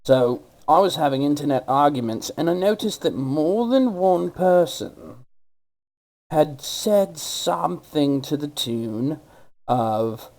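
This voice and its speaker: A man hosting an online commentary video, ranting in a sarcastic, mocking way with a put-on gravelly accent. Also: on the high side, expressive, slow, a little mellow, rough recording.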